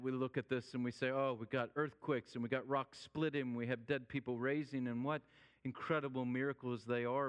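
A male pastor preaching a sermon, swinging from loud urgency down to a hushed near-whisper. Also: mid-range voice, clean tone. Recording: long hall reverb.

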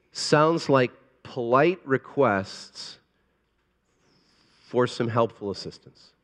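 A man preaching a sermon as a pastor, earnest and pleading, moving between hushed and emphatic delivery. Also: mid-range voice, in a large hall.

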